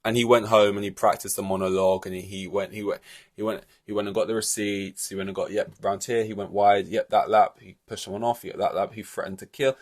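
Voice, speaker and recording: A man hosting a solo podcast, talking in a rambling, animated way full of fillers and restarts. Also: lowish voice, brisk. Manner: rambling and animated, many fillers and restarts, laughs between points. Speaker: podcast host. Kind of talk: solo casual podcast commentary.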